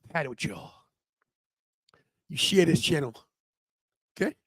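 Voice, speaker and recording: A high-pitched man hosts a wrestling watch-party stream, booming mock outrage and swagger at his viewers. He talks close to the mic in a dry, deadened room. His delivery swings between showman bravado and scolding his chat. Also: expressive, measured pace, husky, no echo. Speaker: podcast host. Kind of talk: livestream watch-party rant.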